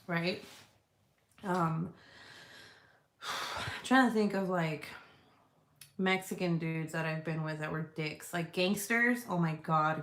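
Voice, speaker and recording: A woman vlogger chatting casually and answering viewer comments, frank and profane and quick to laugh. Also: fairly low pitch, slight background noise. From United States. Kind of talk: casual chat. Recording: echoey room.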